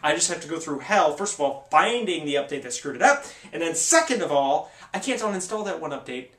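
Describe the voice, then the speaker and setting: A man's voice: a little high, very animated, fairly quick, fairly bright tone, reverberant, distant mic. A man hosting a tech video, ranting casually with sarcasm and exasperation.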